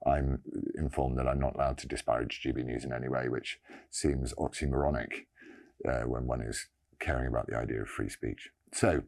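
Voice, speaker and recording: A man giving an earnest personal statement, halting and pausing often. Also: very deep voice, steady tone, creaky, darkish tone. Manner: halting, earnest, many pauses and restarts.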